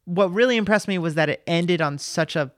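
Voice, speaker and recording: A man's voice: sits high, brisk, fairly bright tone, dry recording, clean studio sound. A man co-hosting a podcast, rambling casually about a movie with lots of fillers and easy laughter. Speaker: podcast co-host.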